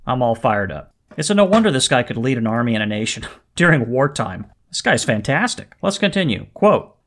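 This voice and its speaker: A man hosting a podcast, commenting on a historical letter in a fired-up, animated way. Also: mid-range voice, a little fast. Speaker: podcast host.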